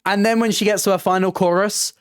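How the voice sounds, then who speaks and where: A woman hosting a casual review vlog as a theatre reviewer, gushing and excitable, often tripping over her words. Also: medium pitch, fast talker, smooth, no echo, studio quality. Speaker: theatre reviewer and channel host.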